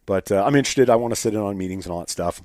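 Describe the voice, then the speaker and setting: A man telling stories as a podcast guest in a casual, animated way, full of fillers and restarts. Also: on the low side, very fast, no room sound, studio quality. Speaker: podcast guest, state game bird biologist. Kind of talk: casual storytelling in an interview.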